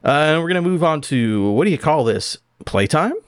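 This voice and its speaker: A man's voice: a little high, expressive, brisk, clean tone, no room sound, studio quality. A man co-hosting a podcast, rambling casually and acting out quotes. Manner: rambling, acts out quotes, says "like" often. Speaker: podcast co-host. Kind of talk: casual chat.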